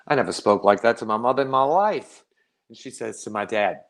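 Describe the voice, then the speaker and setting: A middle-aged man performing a wry, animated storytelling monologue, laughing often. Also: mid-range voice, a little fast.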